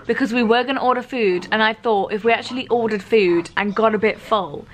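A woman's voice: fairly high pitch, brisk. A young woman from England, a vlogger chatting casually and telling stories with a friend. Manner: chatty, storytelling, giggly. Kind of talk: casual chat.

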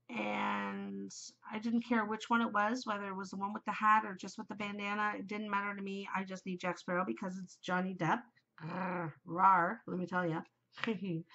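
A woman's voice: medium pitch, gravelly, sharp tone, highs cut off. A middle-aged woman hosting a podcast, chatting casually and giggling, easily distracted. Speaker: podcast host. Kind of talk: casual chat to camera.

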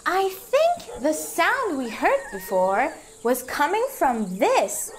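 A woman teaching toddlers in a slow, sing-song lesson voice, asking exaggerated, cheerful questions and drawing out her words. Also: sits high, wildly swooping pitch, slight background noise. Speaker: children's teacher. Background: faint background music.

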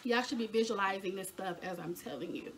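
A woman's voice: medium pitch, a little fast, a bit bright. A young woman chatting casually in a home haul video, talking to her viewers as y'all. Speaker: lifestyle vlogger.

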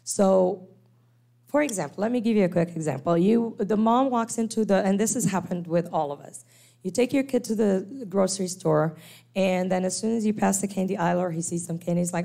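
A woman's voice: medium pitch, moderate pace, vocal fry. A woman lecturing to church teachers on special needs kids, acting out parents and children as she explains. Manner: animated, acts out quoted parents and kids.

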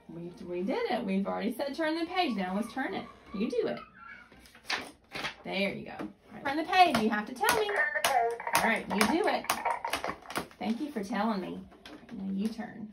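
Woman, mother, coaching a small child, encouraging, patient, higher voice, very lively melody, noisy home recording. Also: normal speed, creaky, long pauses. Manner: patient, encouraging, sing-song talk to a child. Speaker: mother and caregiver. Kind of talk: coaching a young child through play.

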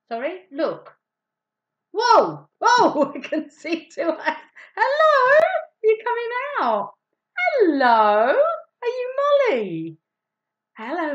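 A woman teaches small children, speaking slowly and in an exaggerated, encouraging way, with hushed asides to her audience. Her fairly high voice swoops up and down with great liveliness. The recording sounds dull and muffled. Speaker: teacher presenting to young children. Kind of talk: children's maths lesson with a puppet.

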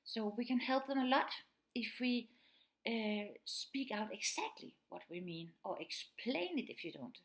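A woman's voice: fairly high pitch, lively intonation, unhurried. A woman teacher giving an earnest spoken presentation, explaining things plainly and acting out bits of quoted speech. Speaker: teacher of pupils with autism.

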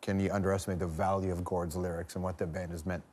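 A man's voice: low voice, flat delivery, quick pace, darkish tone, slight background noise. Playful talk show host, a man. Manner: playful, joking questions. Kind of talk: casual talk show interview.

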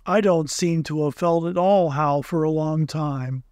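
Guy doing a sad old donkey, super slow and mopey, kinda high voice. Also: a little mellow, clear, resonant tone, no echo, clean studio sound, close to an everyday voice. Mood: gloomy. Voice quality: slow, heavy, mournful delivery. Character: gloomy old gray male donkey.

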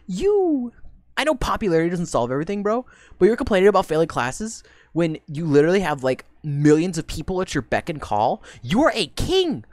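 A young woman streams her reaction in a profane, mocking rant, her pitch leaping about lively as she talks. Her voice sits a little low for a woman. The sound is close and dry, with no room around it. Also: brisk, dry recording. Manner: animated, profane, mocking, loud bursts of laughter.

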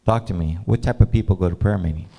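A male pastor telling a personal story in a sermon, animated and casual, laughing often and filling gaps with "you know". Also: low-pitched, fast, creaky, muffled recording.

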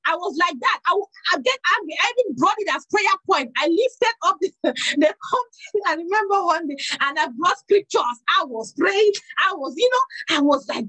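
A middle-aged woman preaching a sermon, telling a personal story with lively quoted dialogue. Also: very high voice, moderate pace, poor audio.

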